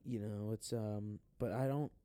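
Halting, hedging podcast guy, mellow voice. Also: on the low side, fairly even intonation, clean tone, no room sound. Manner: halting, hedging, restarts often. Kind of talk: casual chat.

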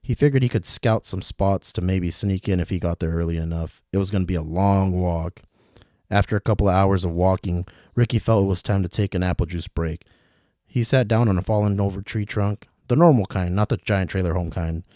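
A man narrating a comedic fantasy story in a deadpan way. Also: sits low, brisk, no room sound, studio quality. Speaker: podcast storyteller.

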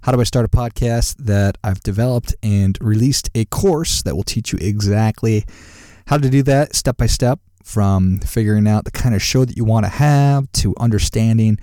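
A man podcast host reading a brisk promotional announcement. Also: on the low side, mellow, no echo. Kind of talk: read announcement. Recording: dry close-mic studio sound.

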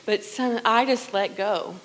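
A middle-aged woman sharing a personal testimony in church, earnest and conversational, often dropping to a hushed voice. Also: a little high, poor audio. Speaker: worship leader sharing testimony.

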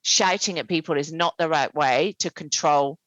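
A woman's voice: low voice, normal speed, a bit bright, no room sound, lo-fi sound. A woman, a mother, talking earnestly and reflectively about parenting in casual conversation.

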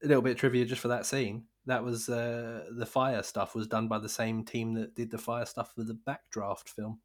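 A man's voice: mid-range voice, level tone. Casual man chiming in on a podcast. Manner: chiming in with corrections and trivia, quick to laugh. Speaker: podcast co-host. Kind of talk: casual chat.

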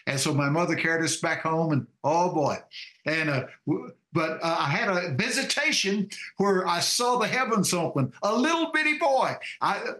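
An older man from Texas with a Texan accent, telling a personal story on a call-in show, animated and acting out voices with many fillers. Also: on the high side, moderate pace, reverberant. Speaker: show co-host.

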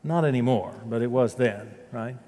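A man preaching a sermon as pastor, telling a story with dramatic loud peaks and quiet, slow prayerful passages. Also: mid-range voice. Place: church sanctuary. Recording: long reverb of a church sanctuary.

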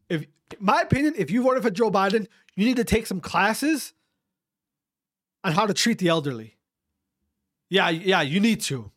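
High-pitched, lively male podcast ranter. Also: moderate pace, pauses often. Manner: fiery, profane, repeats himself. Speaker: podcast host. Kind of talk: heated podcast rant.

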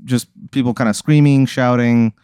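A man hosting a comedy podcast, telling an improvised scenario in a halting way, with fillers and giggles. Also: medium pitch, fairly even intonation, a little mellow, smooth, no echo, studio quality. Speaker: comedy podcast host running a hypothetical scenario. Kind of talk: improvised storytelling chat.

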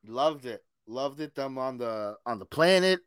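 A man's voice: mid-range voice, expressive, measured pace, clear, resonant tone, dry recording, studio quality. A man co-hosting a casual pop culture podcast, laughing often, swearing freely and calling his co-host bro.

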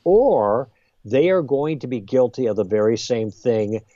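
A man guest on a podcast, explaining ideas in a lively conversational way and acting out exchanges. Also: medium pitch, a little slow, no echo, muffled recording. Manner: lively, role-plays exchanges with emphasis. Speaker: guest author.

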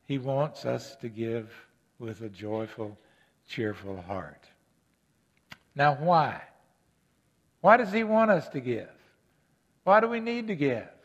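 A male pastor preaching a sermon, gentle and earnest, rising to emphatic questions and repetition. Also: medium pitch, expressive, slow, long pauses, highs cut off.

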